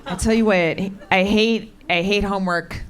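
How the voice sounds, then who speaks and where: A middle-aged woman performing stand-up comedy on a club stage, with deadpan, brash, swearing punchlines. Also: medium pitch, normal speed, clear, resonant tone. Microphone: handheld stage mic. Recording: live club recording with loud crowd. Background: audience laughter.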